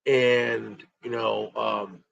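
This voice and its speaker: Halting, angry man ranting slowly. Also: lowish voice, flat delivery, creaky, fairly bright tone. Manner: halting, repeats words, swears, many ums. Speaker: stream host. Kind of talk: angry solo rant. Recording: dull lo-fi stream audio.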